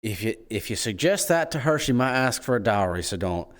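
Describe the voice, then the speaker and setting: A man's voice: mid-range voice, big pitch swings, fairly quick. A man chatting in character during a roleplay, playful and teasing, his voice jumping up when he acts offended. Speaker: roleplay player.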